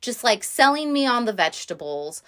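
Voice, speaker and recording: A woman casually retelling the plot of an animated film in her own words, chatty and quick to swear. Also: on the high side. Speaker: movie recap vlogger.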